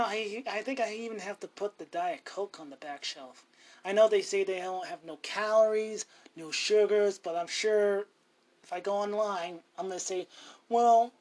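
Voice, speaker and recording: Rambling, cussing male podcast host. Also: sits high. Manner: rambling, profane, self-talking. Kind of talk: casual solo podcast monologue.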